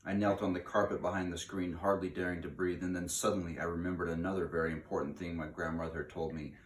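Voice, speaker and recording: A man reading a children's book aloud in an expressive way, slowing down for dramatic emphasis. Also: low voice, slight background noise. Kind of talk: read-aloud storytelling. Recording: echoey room.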